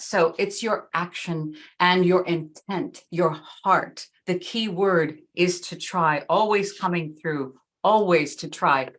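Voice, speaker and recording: A middle-aged woman giving a talk in an earnest, emphatic way, slowing down to stress key phrases. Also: on the low side, fairly bright tone. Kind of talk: talk with slides.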